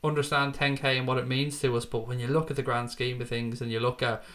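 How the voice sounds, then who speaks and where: A man's voice: medium pitch, level tone, fast talker, fairly bright tone. A chatty, foul-mouthed male football streamer. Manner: chatty, swears freely, laughs off comments. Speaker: football channel host reading viewer comments. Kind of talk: casual live-stream chat.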